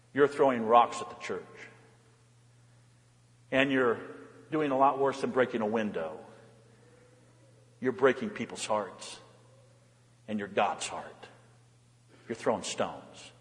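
Pastor preaching hard, high voice, lots of questions at the crowd, long echo in the church. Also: male voice. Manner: rhetorical questions, exhorting, rising and falling intensity. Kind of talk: sermon.

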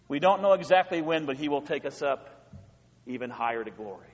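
A man's voice: a little high, fairly quick. A male pastor preaching a sermon in a church, folksy and repetitive, building up to rhythmic lists. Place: church sanctuary. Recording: long hall reverb, dull lo-fi sound.

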